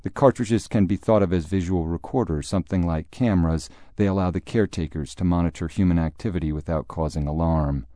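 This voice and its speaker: A man voicing an earnest young man who speaks in crisp, prepared sentences. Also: sits low, brisk, few pauses, warm tone, no room sound, studio quality, natural voice.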